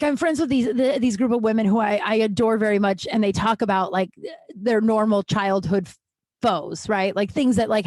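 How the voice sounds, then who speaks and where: A woman's voice: mid-range voice, darkish tone, dry recording. Woman in her 30s rambling thru her own stories on a podcast, lots of restarts, dead dry mic. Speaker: podcast host. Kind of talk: candid personal storytelling.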